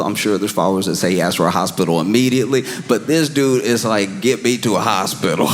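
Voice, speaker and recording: A man performing a stand-up comedy set on a club stage, telling a story with animated acted-out scenes. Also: mid-range voice.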